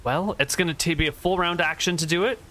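A man narrating scenes and rules as game master, relaxed and descriptive with frequent fillers. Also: on the high side, fast talker.

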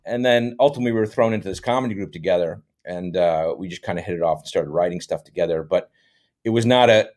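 A man's voice: low-pitched, quick pace. A middle-aged American man telling stories in a casual interview, rambling with lots of fillers. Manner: relaxed, rambling, many fillers. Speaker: podcast guest, comedy actor.

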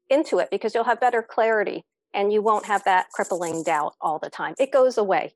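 A woman's voice: fairly low pitch, dry recording. A woman speaking as a podcast guest, reflective and encouraging in casual conversation, with many fillers.

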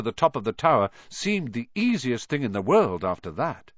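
A man reading a story aloud in an expressive, lively way. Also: mid-range voice, moderate pace, no echo. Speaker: reader. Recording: dull dry recording.

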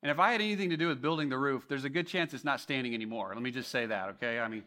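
A male pastor preaching a sermon, telling a story with animated swings between loud emphasis and hushed tones, often restarting his words. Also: medium pitch, very fast. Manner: frequent restarts and repeated words.

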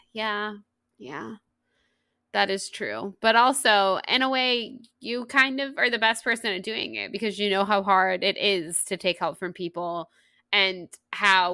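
Woman, podcast co-host, casual book chat, animated, bright tone. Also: medium pitch, no room sound, studio quality. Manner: chatty, animated, quick asides.

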